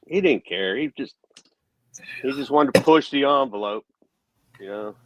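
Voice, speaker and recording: Podcast co-host, a man, low voice, blunt and profane, dull lo-fi dry recording. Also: animated, unhurried, long pauses, no echo. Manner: blunt, profane, laid-back storytelling. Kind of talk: casual chat.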